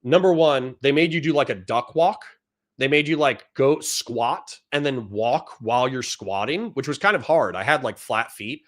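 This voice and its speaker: A man's voice: medium pitch, expressive, normal speed. A man, a Marine veteran, telling a rambling, profane story in casual chat and often breaking into laughter.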